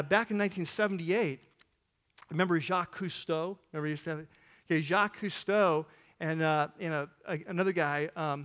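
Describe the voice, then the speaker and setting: Upbeat pastor with a higher voice. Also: male voice, long reverb tail. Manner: animated, loose, many fillers and restarts. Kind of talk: sermon storytelling.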